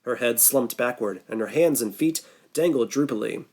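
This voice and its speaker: Steady male audiobook narrator. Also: medium pitch, normal speed. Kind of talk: scripted narration.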